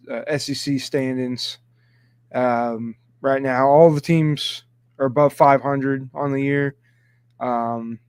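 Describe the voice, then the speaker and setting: A man's voice: mid-range voice, darkish tone, smooth, dry recording. A young man co-hosting a casual sports chat, hesitant and full of ums. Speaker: co-host.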